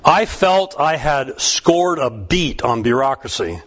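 A man reading a humorous first-person story aloud, wry and even. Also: mid-range voice, takes it slowly. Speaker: narrator.

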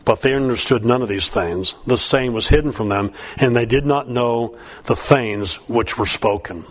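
A man's voice: medium pitch, normal speed. A man preaching a sermon, reading scripture and breaking into folksy, conversational asides. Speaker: pastor.

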